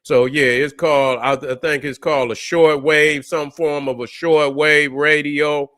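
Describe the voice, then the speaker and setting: Rambling, profane man with a slightly high voice. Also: level tone, unhurried, fairly bright tone. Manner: rambling, profane storytelling to viewers. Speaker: channel host. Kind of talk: casual reaction vlog.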